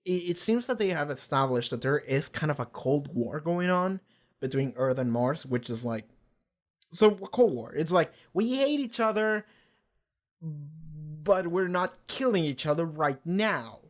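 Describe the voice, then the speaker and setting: Young man rambling about a show. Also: a little high. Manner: loose and rambling, swears a lot, many fillers. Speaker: reaction video host. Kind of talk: casual episode discussion.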